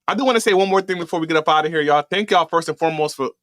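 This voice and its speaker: A man hosting a casual live stream, animated and quick to laugh. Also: on the high side, no room sound. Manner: animated, laughs often, drawn-out reactions. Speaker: host.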